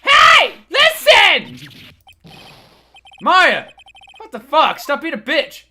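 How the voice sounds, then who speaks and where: A woman voicing an excitable, brash teenage girl who squeals and shouts in a game playthrough. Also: high-pitched, brisk, heavy background noise, pitched above the performer's own voice. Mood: excited.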